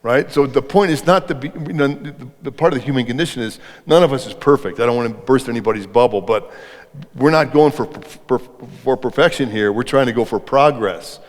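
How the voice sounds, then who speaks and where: A man's voice: mid-range voice, brisk. A middle-aged man speaking on leadership at a live event, talking conversationally and putting questions to the audience. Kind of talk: interactive live talk to an audience. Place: event hall before an audience. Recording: reverberant hall.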